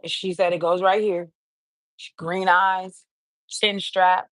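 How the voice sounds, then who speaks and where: A woman's voice: mid-range voice, no room sound, studio quality. A woman hosting a livestream, earnestly retelling someone's story and often stopping to say "she said". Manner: earnest retelling with many repeated "she said" asides. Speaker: livestream host.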